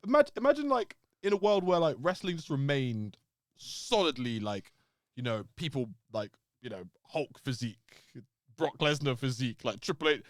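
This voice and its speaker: A man co-hosting a casual podcast chat, animated, laughing often and swearing as he acts out quotes. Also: mid-range voice, normal speed, dry recording, clean studio sound. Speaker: podcast co-host.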